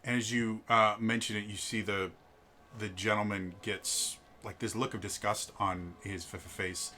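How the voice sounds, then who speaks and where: A game master narrating a tabletop game in a casual, halting way. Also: sits low, steady tone, sharp tone.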